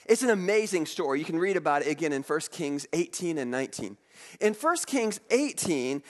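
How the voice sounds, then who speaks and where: Animated preacher in an echoing hall. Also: male voice, high-pitched. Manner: animated, restarts often, reads scripture aloud. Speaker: pastor. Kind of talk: storytelling sermon.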